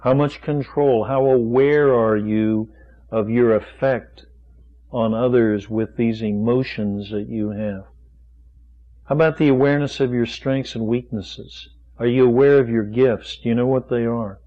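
A man's voice: medium pitch, steady tone, unhurried, dull audio. A man preaching a sermon, firing off rhetorical questions with folksy asides.

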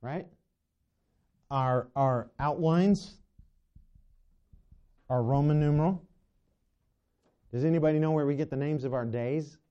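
A male preacher with a slightly high voice addresses his congregation a little slowly, pausing often. He asks rhetorical questions and regularly stumbles and restarts, heard through a dull, lo-fi recording.

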